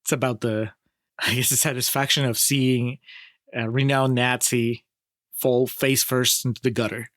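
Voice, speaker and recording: A man co-hosting a casual film review podcast, talking in an animated way, laughing often and swearing freely. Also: medium pitch, a little slow, dry recording, clean studio sound. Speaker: podcast co-host.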